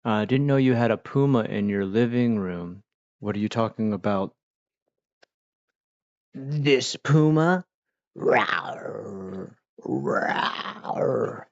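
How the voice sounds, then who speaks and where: A man's voice: fairly low pitch, moderate pace, mellow, no room sound, highs cut off. A man from Pennsylvania hosting a casual livestream, rambling and chatting while he eats. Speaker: livestream host.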